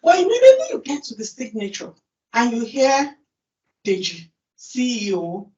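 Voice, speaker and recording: A woman with a Nigerian accent giving a lively conference talk, asking the audience questions and then answering them herself. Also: a little high, normal speed. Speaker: conference speaker. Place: large conference hall. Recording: distant, roomy, dull hall recording.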